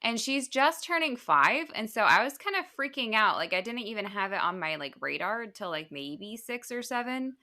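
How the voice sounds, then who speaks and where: A woman in her thirties co-hosting a podcast, telling a chatty, animated story about her young child in casual conversation. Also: mid-range voice, normal speed, few pauses. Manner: animated, chatty, many filler words. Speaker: podcast co-host; mother of a five-year-old.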